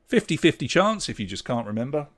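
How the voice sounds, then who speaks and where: A man with a fairly high, slightly bright voice runs an online pub quiz, reading questions and leaderboard standings at a fast clip with big swings in pitch. Between items he keeps things casual, filling gaps with chatty jokes and asides.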